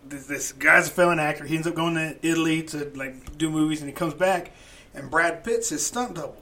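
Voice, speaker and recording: A man with a high, bright voice, retelling a film in an animated, profane way. He jumps into loud acted-out lines now and then, swearing freely as he goes. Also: fairly quick. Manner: animated, profane, acts out quotes loudly. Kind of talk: casual chat, retelling a movie.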